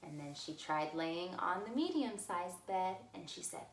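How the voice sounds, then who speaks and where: Woman, children's librarian, storytime, slow, animated, sing-song, echoey room, faint hiss. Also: fairly low pitch.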